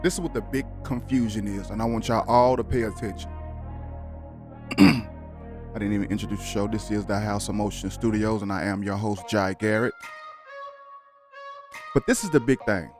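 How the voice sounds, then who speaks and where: A man's voice: on the low side, steady tone, moderate pace, long pauses, faint music behind. A man hosting a reaction commentary show, speaking emphatically and building into heated, cursing rants. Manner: emphatic, rising into heated preaching, curses. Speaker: show host.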